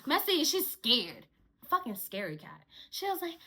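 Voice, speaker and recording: Young woman venting a work storytime, high bright voice, animated, repeats herself, swears. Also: unhurried. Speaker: store cashier telling a work story. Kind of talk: casual storytime to camera.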